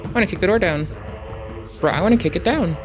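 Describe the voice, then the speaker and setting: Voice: medium pitch, animated, fast talker, over music. A streamer chatting casually while reacting to a video, rambling, joking and swearing freely. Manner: rambling, profane, playful. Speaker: live streamer.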